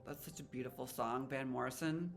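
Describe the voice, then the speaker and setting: A woman's voice: extremely low pitch, fairly even intonation, fairly quick, gravelly. A woman giving a casual tarot reading to her viewers, chatty and rambling, with an emotional, spiritual manner. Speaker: tarot reader.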